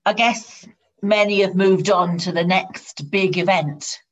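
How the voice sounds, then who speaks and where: A woman preaching a sermon in a measured storytelling manner, heard on a dull lo-fi recording. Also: on the low side. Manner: storytelling with steady, measured repetition. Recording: dull lo-fi sound.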